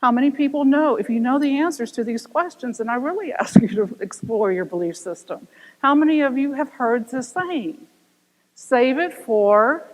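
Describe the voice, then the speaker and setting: An older woman minister giving a sermon, telling stories with animated voices and asking rhetorical questions. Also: sits high. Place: church sanctuary. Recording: long reverb of a church hall.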